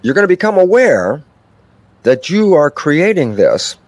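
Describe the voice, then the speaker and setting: This older man's voice is fairly high and unhurried, recorded with no room sound. As an interview guest he holds forth on his ideas in a long, conversational explanation, animatedly telling stories and acting out dialogues with himself.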